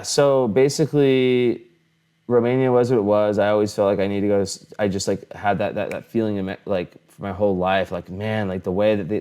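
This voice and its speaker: A man's voice: lowish voice, darkish tone. A young adult man talking casually to camera at home in a rambling vlog, with many restarts and fillers. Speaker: astrology vlogger. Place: home room, camera on a fixed setup.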